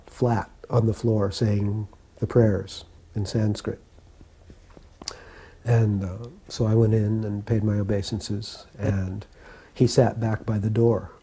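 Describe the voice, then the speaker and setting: A man in his sixties telling personal memories in an unhurried, reflective way, pausing as he recalls details. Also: lowish voice, warm tone, breathy edge. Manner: unhurried, reflective storytelling with pauses. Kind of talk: spoken personal reminiscence.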